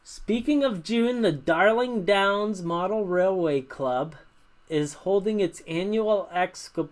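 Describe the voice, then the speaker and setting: Laid-back guy from north america on a livestream, slow unhurried talk, lots of uhs and little laughs. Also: high voice. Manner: rambling, laughs often, many fillers. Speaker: livestream host. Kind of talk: casual livestream chat.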